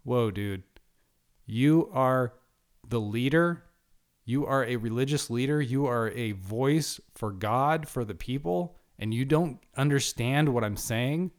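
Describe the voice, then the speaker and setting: A man voicing a blunt, laid-back young male preacher who speaks casually and quietly. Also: mid-range voice, slow pace, close to an everyday voice. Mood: exasperated.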